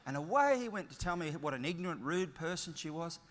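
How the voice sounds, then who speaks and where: A middle-aged Australian man delivers a keynote in a large conference hall, his voice sitting a touch high and carrying a long reverb tail. He talks in a chatty, storytelling way with easy humour. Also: expressive, brisk, fairly bright tone. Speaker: keynote speaker.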